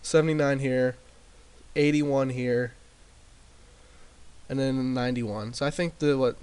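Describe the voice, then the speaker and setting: A man casually recapping his wrestling sim game in a rambling way, with lots of fillers and restarts, talking into a desk mic turned up loud. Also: medium pitch, steady tone, unhurried, clear, resonant tone. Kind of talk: casual commentary over gameplay. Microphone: desk mic with boosted gain.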